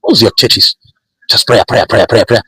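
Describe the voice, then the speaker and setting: Brief: a male preacher playing a defiant Pharaoh, sneering, with a husky edge, dry sound. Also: on the low side, fairly bright tone, dry recording, poor audio. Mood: scornful. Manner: sneering rapid questions. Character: scornful defiant male Pharaoh, mocking believers.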